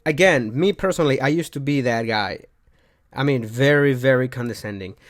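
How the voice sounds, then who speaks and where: A young man giving casual self-help advice in a lively, repetitive way, often rising and dropping in pitch and volume. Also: moderate pace. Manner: animated, repeats himself, shifts pitch and volume often.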